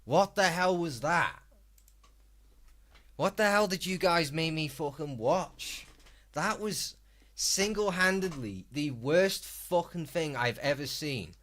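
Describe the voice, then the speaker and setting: A man's voice: fairly high pitch, animated, a little slow, a bit bright. A man live-streaming, reacting to a video with exasperated, sweary ranting.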